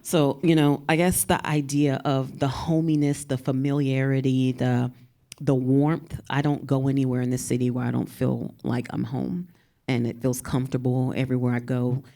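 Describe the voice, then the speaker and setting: A woman's voice: extremely low pitch, flat delivery, moderate pace, dark tone. A poet from San Antonio speaking with a Texan twang, a woman chatting on a panel in a rambling way and laughing often. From San Antonio, Texas. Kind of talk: casual panel talk.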